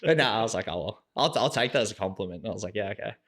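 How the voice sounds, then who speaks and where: This young Australian man speaks very fast in a fairly low voice while guesting on a podcast. Telling stories in a casual chat, he acts out quoted dialogue with relaxed animation and uses "like" in nearly every sentence.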